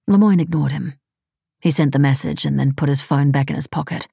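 Female audiobook narrator, low and husky, close and dry. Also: fairly quick, dark tone, dry recording. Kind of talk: scripted narration.

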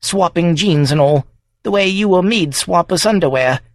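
A woman's voice: fairly low pitch, expressive, moderate pace, dry recording, voice pushed up. A man voicing a wily, blunt woman smallholder over seventy, with sly, clipped country speech. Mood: shrewd. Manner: sly, clipped rural speech, fond of swearing.

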